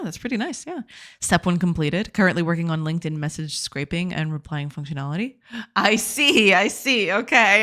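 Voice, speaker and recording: A woman's voice: lowish voice, fairly bright tone. Giggly woman chatting on a stream. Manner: giggly, reads and greets chat. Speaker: game developer streamer. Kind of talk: casual live-stream chat.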